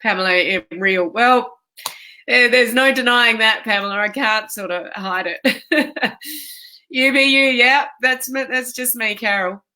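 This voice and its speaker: Woman, online coach, live video chat, emotional, tearful, migraine, bright tone. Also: on the high side, a little slow. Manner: emotional, chatty, greets viewers by name.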